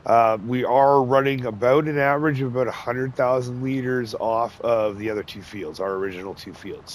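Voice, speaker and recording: A man's voice: medium pitch, slight background noise. Congested man chatting over gameplay. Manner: chatty, folksy, chuckles often. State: congested, nasal from a cold. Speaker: gaming channel host. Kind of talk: casual gameplay commentary.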